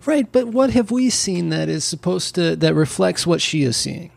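A man's voice: high-pitched, expressive, moderate pace, gravelly, no echo. A man co-hosting a casual review chat about a TV series, talking in a skeptical, hesitant way with many restarts. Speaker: podcast co-host reviewing a TV series.

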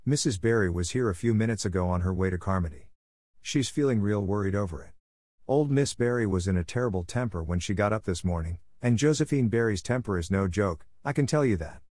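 A man's voice: fairly low pitch, lively intonation, a little fast, darkish tone, dry recording, studio quality. A man voicing a stern, gossipy older village woman who lectures in an emphatic, self-satisfied way. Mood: disapproving.

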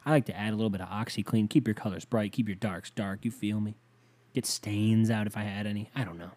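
A man's voice: lowish voice, fairly even intonation, quick pace. Exasperated, swearing man ranting. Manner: exasperated, profane, sighing, swinging from loud outbursts to muttering. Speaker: podcast host. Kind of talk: casual ranting monologue.

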